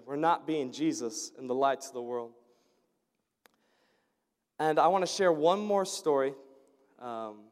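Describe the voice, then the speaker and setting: A fairly high-voiced man shares a heartfelt church testimony, stumbling and repeating words as he goes. His voice rings out with the long reverb of a large hall. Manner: earnest, halting, repeats words, chuckles often. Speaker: churchgoer giving a mission trip update. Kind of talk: storytelling sermon testimony.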